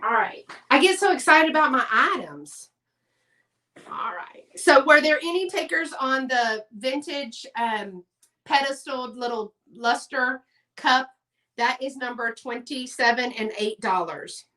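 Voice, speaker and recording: A woman's voice: high-pitched, expressive, measured pace, bright, forceful tone. A woman hosting a casual live-stream sale, chatty and gushing over her items.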